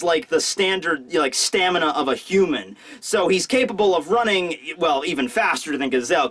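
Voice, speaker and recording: A man hosting a casual manga review who talks in an animated, rambling way with lots of fillers. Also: sits high. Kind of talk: casual video commentary.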